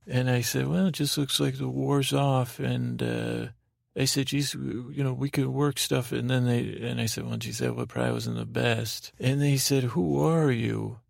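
Gravelly man rambling a sleepy story. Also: no room sound, clean studio sound. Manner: meandering, halting, lots of fillers and restarts; drowsy, low-key storytelling. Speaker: podcast host.

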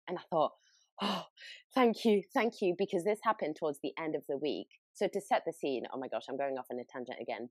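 A woman's voice: extremely low pitch, no echo. A woman with a British accent, a podcast host telling a story in casual chat, laughing often. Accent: British English.

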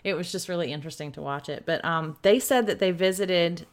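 A woman with a slightly low voice tells a ghost story to her co-host, chatty and relaxed. She fills pauses with ums and corrects herself as she goes. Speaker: podcast co-host. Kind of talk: casual storytelling chat.

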